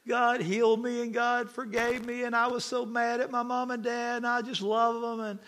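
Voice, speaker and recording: A man's voice: extremely high pitch, level tone, normal speed, fairly bright tone, pitched above the performer's own voice. A preacher acting out a gushing teenage boy eagerly giving a breathless testimony.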